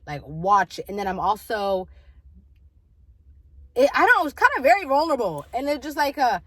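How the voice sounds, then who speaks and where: A woman's voice: high voice, very animated, fairly quick, a bit bright, no echo, rough recording. Candid rambling young woman vlogging. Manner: rambling, candid, many fillers and restarts. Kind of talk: casual confessional vlog.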